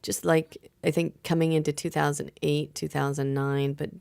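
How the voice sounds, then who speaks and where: Brief: woman astrologer, low gravelly voice, chatty podcast guest. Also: level tone, moderate pace, a little mellow. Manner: chatty, laughs often, explains with many fillers. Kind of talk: casual podcast chat.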